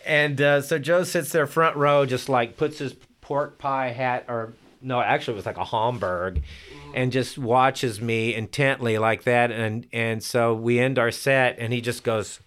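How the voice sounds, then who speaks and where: A man's voice: medium pitch, fairly even intonation, a little slow, fairly bright tone, smooth. An older man and musician telling casual stories in an interview, rambling with many restarts. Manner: rambling, full of fillers and restarts. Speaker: musician guest. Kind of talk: casual storytelling.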